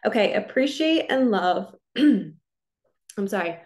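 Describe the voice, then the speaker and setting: A woman's voice: medium pitch, slow. Chatty woman giving a spiritual card reading. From New Jersey. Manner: relaxed, chatty, reassuring, lots of "like" and "so".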